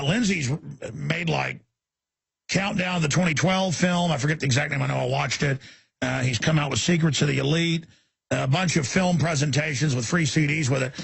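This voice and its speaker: A man's voice: on the high side, gravelly, breathy edge, no room sound. A man hosting a call-in radio talk show, rambling with many fillers as he plugs material and takes calls.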